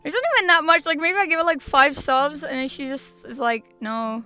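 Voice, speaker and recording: Bright-voiced young woman streamer rambling. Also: sits high, expressive, brisk, soft background music. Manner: rambling, with restarts and laughter, slangy. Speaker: VTuber streamer. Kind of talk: casual stream chat.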